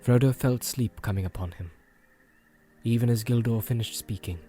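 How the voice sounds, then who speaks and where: A man narrating a fantasy story aloud in a steady, measured way. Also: fairly low pitch, soft background music. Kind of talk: audiobook reading.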